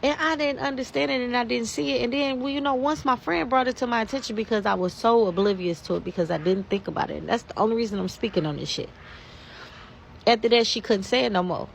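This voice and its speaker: Woman, angry rant, profane, gravelly, slightly high. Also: quick pace, a little hiss or hum. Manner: heated, profane, emphatic. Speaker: social media commentator. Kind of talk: angry ranting monologue.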